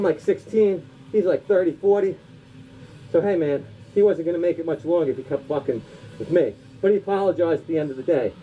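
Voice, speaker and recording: A man, a comedian, telling loose, rambling anecdotes in a casual voice full of filler words. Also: on the high side. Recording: dull lo-fi recording.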